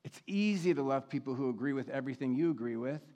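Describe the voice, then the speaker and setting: A man preaching a sermon, speaking in a measured way and slowing down deliberately when he reads scripture aloud. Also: mid-range voice, animated, warm tone, dull audio. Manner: measured, slows to read scripture. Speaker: pastor.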